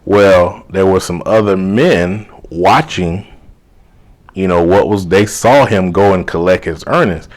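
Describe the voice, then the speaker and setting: A man's voice: deep voice, unhurried. A man working as a life coach, telling a personal story casually and acting out the dialogue as he goes. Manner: animated retelling full of quoted dialogue and "you know".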